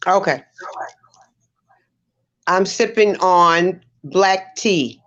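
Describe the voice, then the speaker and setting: A woman guest on an online talk show over a video call, unhurried and thankful. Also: on the low side, fairly bright tone, lo-fi sound. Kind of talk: casual chat.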